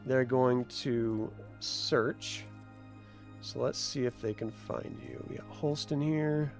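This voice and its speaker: A man running a tabletop game as game master, narrating with animated delivery and bursting into loud voices for minor characters. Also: medium pitch, slow pace, vocal fry, soft background music.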